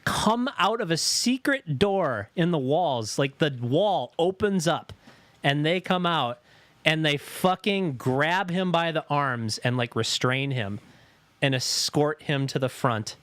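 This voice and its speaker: A man's voice: fairly high pitch, slow pace, dry recording. A man co-hosting a podcast, telling stories in casual chat, swearing often and acting out the voices of the people he quotes. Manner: profane, animated, acts out quoted voices. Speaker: podcast co-host.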